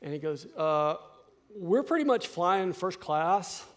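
A man in his fifties delivers a sermon story in a high voice. He acts out each line of dialogue and his excitement keeps climbing. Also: slow pace. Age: 50s.

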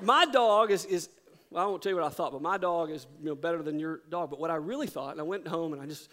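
A middle-aged male pastor preaching a sermon, telling a story with animated delivery that drops to hushed intensity. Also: a little high, quick pace.

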